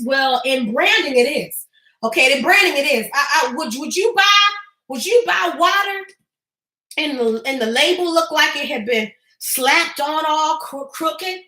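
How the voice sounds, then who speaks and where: A woman's voice: high-pitched, sharp tone. A woman business coach talking emphatically on a live stream, repeating her points and laughing in asides. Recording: echoey room.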